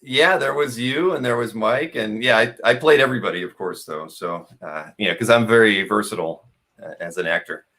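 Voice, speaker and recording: A middle-aged man hosts a live sales show in a fairly low voice. He jokes at his own expense and stumbles through plenty of fillers. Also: sharp tone. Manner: joking, self-mocking, halting with many fillers. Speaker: host.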